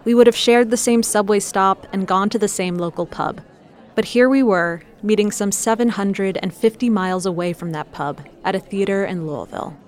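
A woman hosts a storytelling program and reads its links in a calm, measured voice of middle pitch. A faint crowd murmur sits behind her. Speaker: host. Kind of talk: scripted narration.

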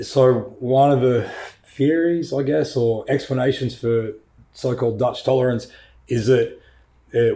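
A man's voice: medium pitch, dark tone. A man co-hosting a history podcast, explaining things casually while thinking aloud. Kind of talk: casual chat.

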